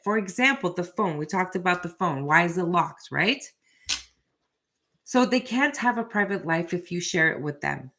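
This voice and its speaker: A woman's voice: mid-range voice, fairly bright tone. A middle-aged woman hosting a live reading, talking straight to her viewers in a direct, chatty way and often asking "right?". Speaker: tarot reader and channel host.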